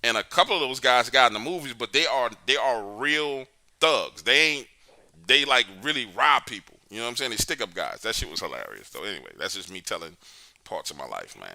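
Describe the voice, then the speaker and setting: A man's voice: medium pitch, fairly quick, creaky. A male call-in show host, telling stories in a loose, profane, laughing way. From New Orleans. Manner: animated, profane, laughing storyteller. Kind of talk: casual storytelling chat.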